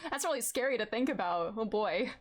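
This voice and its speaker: A woman streamer chats casually over her game, laughing and muttering to herself, slightly high with a lively, bouncing pitch. Game music plays clearly behind her. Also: a little fast, background noise. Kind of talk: casual let's-play commentary.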